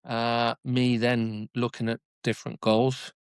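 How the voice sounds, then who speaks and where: A man's voice: mid-range voice, completely flat delivery, slow pace, clean tone, dry recording. A British man in his forties telling his story as a podcast guest, chatty and self-deprecating, laughing often. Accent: British English. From United Kingdom. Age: 40s. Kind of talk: casual interview storytelling.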